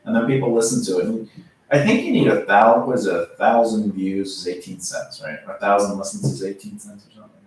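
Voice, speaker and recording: A lively man with a New York accent swings his voice up and down as he tells stories and laughs often in casual chat. He sounds far from the mic in a very echoey room. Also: on the low side, quick pace, slight background noise. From Long Island, New York. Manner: animated storyteller, laughs often. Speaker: podcast co-host.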